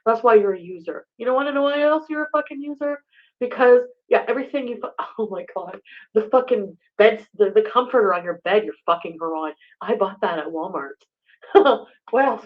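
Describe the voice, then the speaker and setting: A woman rants furiously into her livestream, cursing and firing accusations at a man who is not there. Her voice sits a little high. The sound is muffled and lo-fi, like a captured stream. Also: a little fast. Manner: swearing, raging, addressing an absent man. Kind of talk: angry livestream rant.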